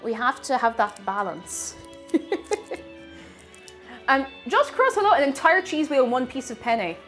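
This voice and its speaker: A young woman with a Tipperary Irish accent talks through a cooking stream, greeting viewers and laughing as she goes. Her voice sits a little high and swings widely in pitch. Faint music plays behind her. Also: sing-song, unhurried. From Tipperary, Ireland. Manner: chatty, giggly, greets chat warmly. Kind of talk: casual cooking stream chat.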